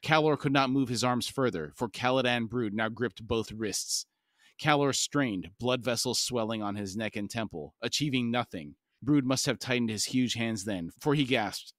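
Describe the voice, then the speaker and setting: A man's voice: medium pitch, fairly bright tone, no room sound, clean studio sound. A man co-hosting a book discussion podcast, reading passages aloud and chatting casually with laughs. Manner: reads text aloud, then chats casually with laughs. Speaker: podcast co-host.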